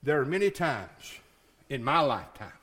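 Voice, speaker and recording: A middle-aged male pastor preaching a sermon in a church, folksy, moving between quiet storytelling and shouted climaxes. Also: medium pitch, very animated, moderate pace.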